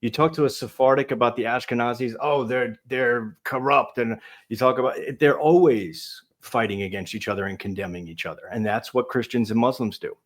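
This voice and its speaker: A man appearing as a guest on a talk show, arguing in an animated way and swinging between loud and soft. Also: medium pitch, brisk. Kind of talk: casual talk show conversation.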